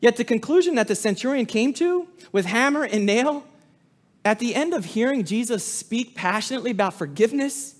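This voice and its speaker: A pastor preaching a sermon with passion, rising loud on appeals and dropping low and quiet on solemn lines. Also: male voice, animated, brisk. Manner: impassioned preaching with sudden drops to a hush.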